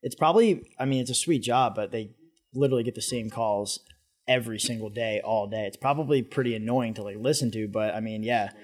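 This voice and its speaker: A man's voice: on the low side, brisk. A man speaking as a podcast guest, a blunt sports fan who swears and gets fired up. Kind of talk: casual podcast banter.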